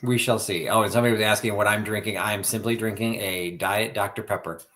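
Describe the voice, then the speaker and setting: Male co-host, lowish voice, chatty storyteller, casual live-stream talk. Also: steady tone, fast, pushed and bright. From US Midwest. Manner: chatty, storytelling, trails off mid-sentence. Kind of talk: casual chat.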